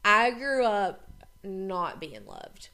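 A young woman chatting candidly on a podcast, blunt and quick to swear. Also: medium pitch, very animated, bright, forceful tone. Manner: blunt, heavy swearing, speeds up when worked up. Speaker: podcast co-host. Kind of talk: candid casual chat.

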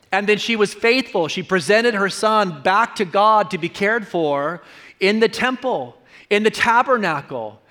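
A man's voice: high-pitched, pushed and bright. A man, a pastor, preaching a sermon in an earnest, conversational way and repeating key lines.

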